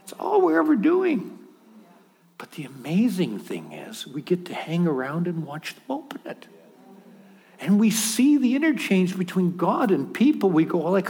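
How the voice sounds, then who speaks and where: A man's voice: high voice, huge pitch swings, normal speed, vocal fry, darkish tone. A man preaching a sermon in a conversational, humorous way, with acted asides.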